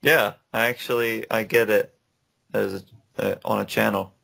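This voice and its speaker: A man's voice: lowish voice, little pitch movement, moderate pace, gravelly, fairly bright tone. A young man co-hosting a casual gaming podcast, rambling and laughing often. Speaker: podcast co-host. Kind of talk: casual chat.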